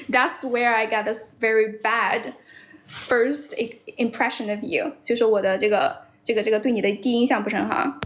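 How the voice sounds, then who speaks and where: A woman's voice: fairly high pitch, fairly even intonation, normal speed, fairly bright tone. Chatty young woman livestream host. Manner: chatty, blunt, laughs often, teasing. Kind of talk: casual livestream chat, mixing English and Chinese. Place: based in Shanghai.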